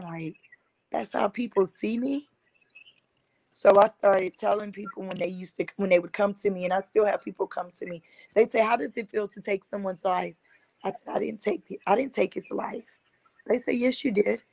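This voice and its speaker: This domestic violence survivor and advocate has a mid-range, darkish voice, heard through a dry recording with poor audio. Her emotional testimony is an earnest retelling of what happened to her, frequently quoting what was said with "I said."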